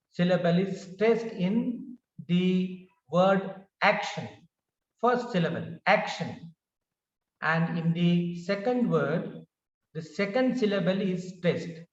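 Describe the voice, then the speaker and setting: A man teaching an English pronunciation lecture, speaking slowly and deliberately and repeating words as a drill. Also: high voice. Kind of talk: slow classroom lecture. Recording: roomy, dull lo-fi recording.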